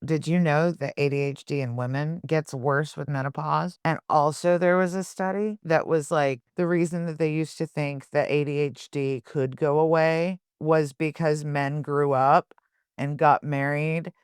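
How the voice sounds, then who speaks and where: A woman co-hosting a podcast, chatting casually with quick asides and frequent laughter. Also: low-pitched, fairly even intonation, clear, resonant tone, no room sound, studio quality. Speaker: podcast co-host.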